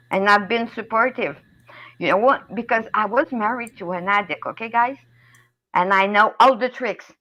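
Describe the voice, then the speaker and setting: A woman's voice: mid-range voice, pushed and bright, lo-fi sound. A middle-aged woman with a French Canadian accent, ranting angrily on a live stream, swearing and tagging "okay?" onto her sentences. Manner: heated, swearing, repeats "okay?". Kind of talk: angry rant in a live chat.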